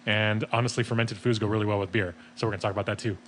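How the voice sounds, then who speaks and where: A man's voice: on the low side, fairly even intonation, racing. Man, podcast host, casual, laughs a lot, swears, faint background noise. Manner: laid-back, swears freely, laughs often. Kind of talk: casual chat. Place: taproom.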